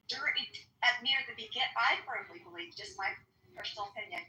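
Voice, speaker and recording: Sarcastic lady ranting on a podcast, high bright voice, sounds kinda far off in an echoey room. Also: fast talker. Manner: blunt, sarcastic, swears freely. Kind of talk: casual political chat. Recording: roomy echo, off-mic.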